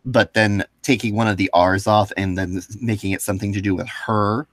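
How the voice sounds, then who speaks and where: A man's voice: lowish voice, fairly even intonation, fairly quick, no echo. A man co-hosting a casual podcast chat, reacting with frequent exclamations.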